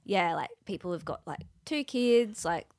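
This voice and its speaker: A woman's voice: fairly low pitch, expressive, normal speed, creaky, a little mellow, dry recording, clean studio sound. Wry Australian woman podcast host. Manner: wry, joking interjections. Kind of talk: casual comedic chat.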